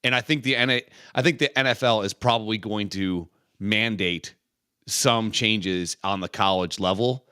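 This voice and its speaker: A man's voice: on the low side, unhurried, sharp tone, clear, resonant tone, no echo, clean studio sound. A man co-hosting a podcast in casual chat, blunt and joking, often asking questions. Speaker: podcast co-host.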